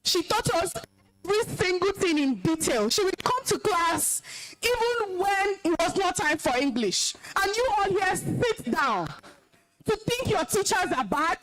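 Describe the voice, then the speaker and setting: Woman, Nigerian accent, young adult, high voice, very animated pitch, stern scolding, emotional, commanding school talk. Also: unhurried, over music. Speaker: alumna speaker at school event. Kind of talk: stern address to students.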